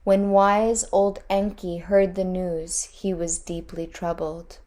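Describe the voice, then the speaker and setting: A woman reading a storybook aloud in a measured, deliberate way. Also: on the low side, level tone, darkish tone.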